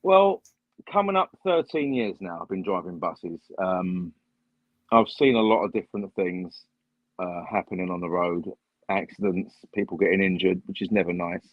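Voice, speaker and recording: A man who works as a bus driver, chatting casually on a live stream, speaking in a measured way with frequent pauses and dry, wry asides. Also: deep voice, dry recording. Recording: dull lo-fi live-stream audio.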